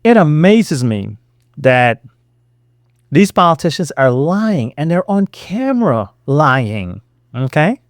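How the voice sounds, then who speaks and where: A man reacting to a clip with sarcastic, lecturing commentary. His voice sits fairly high and swings widely up and down as he acts out quotes. The sound is dry and close, with no room around it. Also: very animated, slow pace, no echo.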